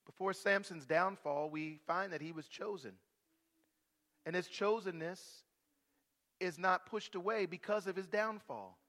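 A male pastor preaching a sermon in an emphatic, drawn-out way. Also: sits high, in a large hall. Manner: slow, emphatic, swelling to shouts.

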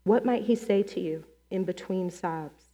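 Woman, preacher, guided prayer, very slow, soft and inviting, mid pitch, long hall reverb. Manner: gentle, slow, inviting with many pauses. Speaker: preacher leading a guided meditation.

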